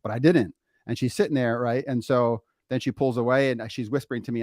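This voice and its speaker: A middle-aged man co-hosting a podcast, telling a story in a casual, animated way and laughing often, recorded on a close mic. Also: mid-range voice, brisk, dry recording. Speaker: podcast co-host, father.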